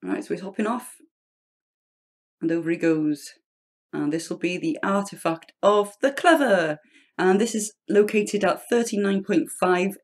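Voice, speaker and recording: A host giving chatty, rambling gameplay commentary as a voice-over recorded at home. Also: medium pitch. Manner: chatty, rambling, self-deprecating.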